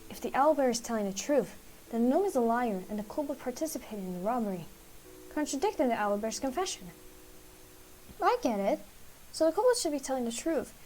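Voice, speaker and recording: A woman's voice: a little high, sing-song, fairly quick, a little mellow, a little hiss or hum, poor audio. A woman streamer reading a text game aloud and thinking through its puzzles in a hesitant, musing way.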